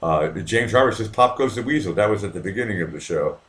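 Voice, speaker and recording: Deep-voiced profane man from Boston hosting. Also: expressive, fast, a bit bright. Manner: rambling, profane, many restarts. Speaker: live show host. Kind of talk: casual live-stream talk with callers. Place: apartment at night.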